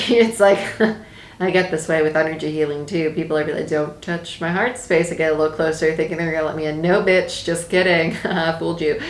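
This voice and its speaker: Woman tarot reader, lowish voice, chatty and emphatic, recorded in an echoey room. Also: a bit bright. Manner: chatty, emphatic, laughs often, repeats phrases. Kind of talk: casual tarot reading.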